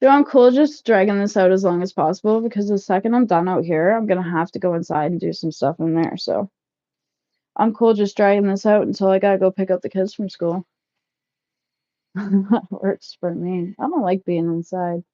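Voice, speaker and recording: A woman in her thirties chatting casually with live viewers while packing up, loud and laughing, swearing freely. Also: medium pitch, normal speed, no echo, highs cut off. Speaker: livestream vlogger. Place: shed, packing up.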